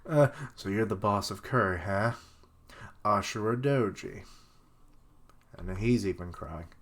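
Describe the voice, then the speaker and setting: A man's voice: lowish voice, measured pace, a bit bright. A young man streaming a live reaction to a manga chapter, thinking aloud with rambling fillers and sudden outbursts. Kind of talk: live reaction, casual commentary.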